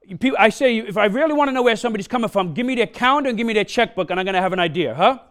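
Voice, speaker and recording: A man's voice: sits high, animated, rapid-fire, a bit bright, smooth. A male pastor with an accent, preaching a sermon to his congregation with punchy repeated questions and frequent "huh?" checks, in a church. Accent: non-native English accent. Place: church sanctuary.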